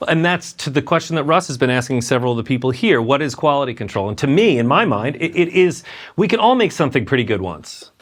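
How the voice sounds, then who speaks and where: Fast-talking enthusiastic male interviewer. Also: medium pitch, very animated. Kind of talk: casual interview questions.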